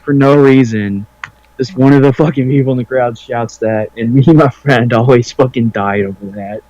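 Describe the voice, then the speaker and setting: A man's voice: medium pitch, normal speed, darkish tone, no echo, highs cut off. A man casually commenting on a retro game with a friend, rambling with lots of fillers and cursing. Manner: rambling, filler-heavy, profane. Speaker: let's play commentator. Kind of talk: casual gaming chat.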